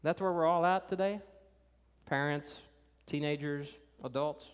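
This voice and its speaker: A pastor preaching a sermon in a conversational, animated way, talking directly to the kids and teenagers in the congregation. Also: male voice, a little high, a little slow, smooth. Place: church. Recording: reverberant church hall.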